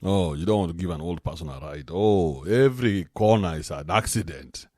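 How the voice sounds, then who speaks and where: Podcast host, man, lowish voice with very lively pitch, loose comic rant. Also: normal speed, no room sound, clean studio sound. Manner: animated, joking, swings into mocking put-on voices.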